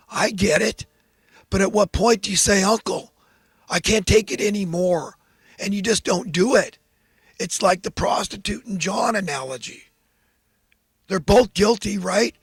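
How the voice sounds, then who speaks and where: Raspy, high-voiced man preaching fervently. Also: fairly bright tone, no echo. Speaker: host. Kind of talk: impassioned political monologue.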